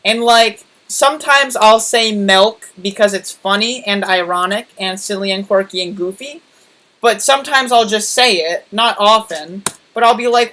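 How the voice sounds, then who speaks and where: A man's voice: high-pitched, sharp tone, low-quality recording. A man hosting a casual voice call, rambling playfully and stretching his words. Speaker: YouTuber host. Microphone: computer mic on voice call.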